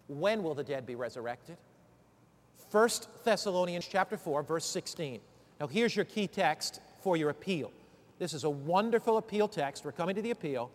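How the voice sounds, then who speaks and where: A man's voice: fairly high pitch, in a large hall. A man teaching lay preachers in an emphatic sermon style, drawing answers from his listeners. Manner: emphatic, calls for answers from the room.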